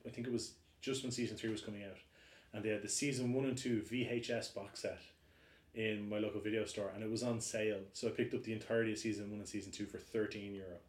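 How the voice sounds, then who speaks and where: A man telling stories in casual podcast chat, animated and laughing. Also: on the low side, fast. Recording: echoey room.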